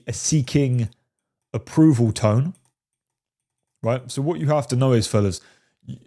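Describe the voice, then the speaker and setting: Male dating-coach commentator, mid-pitched, casual and profane, heavy on "right?". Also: warm tone. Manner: profane, repeats "right?" and "fellas". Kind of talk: casual commentary on film clips.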